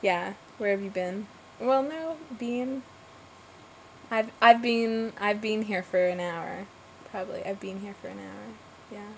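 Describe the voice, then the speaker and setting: A woman's voice: mid-range voice, gravelly, a little mellow, a little hiss or hum, poor audio. A woman reading a word list aloud in casual talk and stopping to explain how she says each word. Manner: slow, thoughtful, breaks off to explain her pronunciation. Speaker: accent word-list reader.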